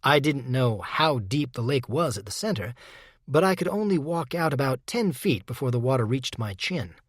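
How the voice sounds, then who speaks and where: Measured male audiobook narrator, dry. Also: medium pitch, big pitch swings, no room sound. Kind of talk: first-person audiobook narration.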